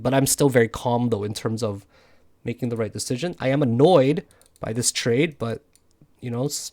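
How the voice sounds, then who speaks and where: A tired man giving live commentary on his trades, frustrated and swearing often as he thinks out loud. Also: medium pitch. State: tired from no sleep. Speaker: crypto day trader. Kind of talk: live trading commentary over charts.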